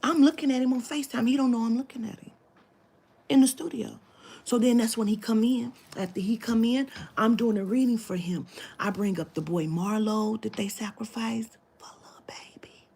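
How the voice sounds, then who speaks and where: A woman telling a story to camera, animated and profane, dropping into whispered asides. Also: fairly high pitch, moderate pace, vocal fry, breathy edge. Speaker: spiritual reader telling a story.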